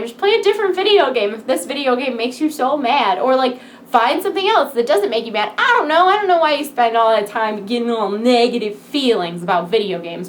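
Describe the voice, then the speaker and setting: A woman's voice: fairly high pitch, slight background noise. A woman vlogger chatting casually to her viewers, peppy and rambling with giggles, wired on coffee late at night. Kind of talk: casual chat to camera.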